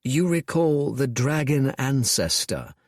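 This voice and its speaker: A man voicing a deferential male aide who confides eagerly and in a lowered voice. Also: sing-song, takes it slowly, no room sound, clean studio sound, full character voice. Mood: eager confiding.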